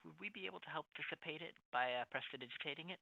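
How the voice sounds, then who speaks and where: A woman player in a tabletop game, making quick asides and worried remarks. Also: deep voice, creaky, sharp tone, no room sound, muffled recording. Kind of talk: casual tabletop game chat.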